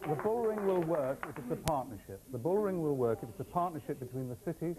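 A man speaking confidently and briskly as a panelist in a studio debate. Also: on the high side, expressive, dark tone, rough recording.

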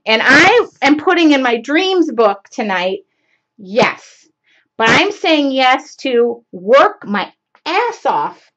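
A woman's voice: a little high, a bit bright. Rambling chatty woman on a lo-fi stream. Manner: rambling, chatty, with many fillers. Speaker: craft show host. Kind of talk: casual live-stream chat. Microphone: computer mic on a live stream. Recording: dull lo-fi live-stream audio.

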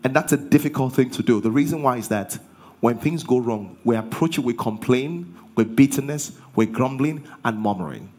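A man's voice: mid-range voice, normal speed, darkish tone. A man preaching a sermon as pastor. He drives his points home with rhetorical questions and call-and-response.

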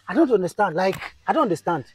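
A man's voice: high-pitched, sing-song, fast, faint music behind. A man playing a frantic cheating husband. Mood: frantic angry. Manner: frantic, shouting, exclamatory. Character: panicked cheating husband who lost his car. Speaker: actor in a comedy skit. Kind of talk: skit acting.

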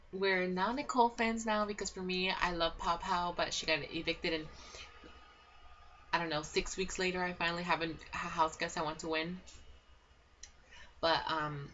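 A young woman with a low voice rambles through a gossipy recap, stumbling over fillers and restarting her sentences. The home recording is dull and lo-fi. A faint hiss sits under her voice. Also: fairly bright tone. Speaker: reality show recap vlogger. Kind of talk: casual chatty recap.

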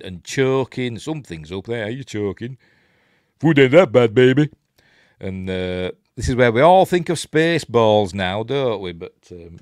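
A man with a Yorkshire accent talks over a film in a rambling, chatty way, slipping in chuckles and asides. His voice sits fairly low but swings up and down a lot. The sound is dry and close, with no room echo. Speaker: host of a film watch-along channel. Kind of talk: casual running commentary while watching a film.

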